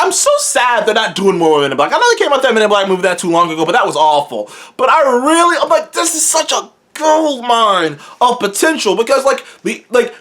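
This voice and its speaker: This is a casual movie review monologue from a channel host who gets worked up fast. The speech is loose and profane, with sudden high leaps in the voice on the parts that thrill them most. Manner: excitable, swears freely, jumps up in pitch when enthused.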